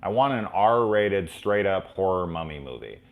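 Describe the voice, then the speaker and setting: Deep-voiced male host, loose live fan chat, swears freely, rambling anecdotes. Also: expressive, a little slow, narrow, tinny audio. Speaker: host of a horror movie review show. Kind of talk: casual live chat answering fan questions.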